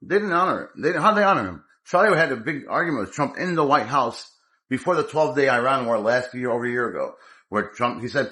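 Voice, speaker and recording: A man's voice: medium pitch, animated, fast talker, sharp tone. A man giving an angry, profane political rant as a commentator, rambling with many restarts.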